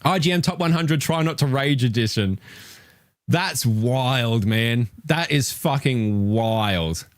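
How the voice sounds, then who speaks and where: A man's voice: medium pitch, slow pace, no echo, studio quality. A man giving live reaction commentary on a game ranking, swearing and ranting in disbelief. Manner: animated, swearing, exasperated ranting. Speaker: retro gaming streamer reacting to a list.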